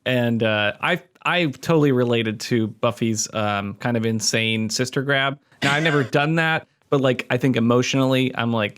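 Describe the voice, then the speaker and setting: A man's voice: mid-range voice, moderate pace, hardly any pauses, a bit bright. A man co-hosting a fan podcast, talking in a rambling, easygoing way. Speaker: podcast co-host. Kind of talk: casual chat.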